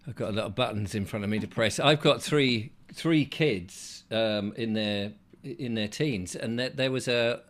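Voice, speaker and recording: A man's voice: fairly low pitch, normal speed. A middle-aged man from England hosting a casual online chat, hesitant and rambling with lots of ums. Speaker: host.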